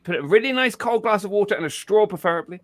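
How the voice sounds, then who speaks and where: A man's voice: sits high, animated, quick pace, a bit bright. A man hosting a casual podcast chat. He swears freely, repeats himself and talks in a loose, informal way. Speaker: podcast host.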